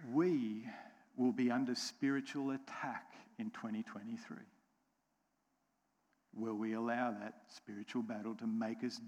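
Slow-preaching American pastor, echoing hall. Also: male voice, mid-range voice, a little mellow. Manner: slow, emphatic, repeats key phrases, asks the congregation questions. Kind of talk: sermon. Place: church sanctuary. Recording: long church hall reverb.

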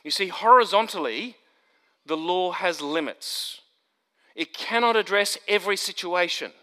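A man preaching an expository sermon, emphatic, building to stressed points and then dropping low. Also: a little slow, pushed and bright. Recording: long hall reverb.

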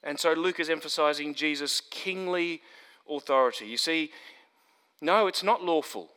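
A man preaching an expository sermon, emphatic, building to stressed points and then dropping low. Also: moderate pace, sharp tone, smooth. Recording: long hall reverb.

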